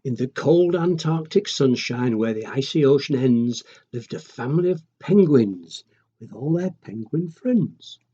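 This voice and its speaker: A man reading a children's picture book aloud in a gentle, chatty way and asking the listeners questions. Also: mid-range voice, lively intonation, a little slow, breathy edge. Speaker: storyteller. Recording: dull lo-fi recording.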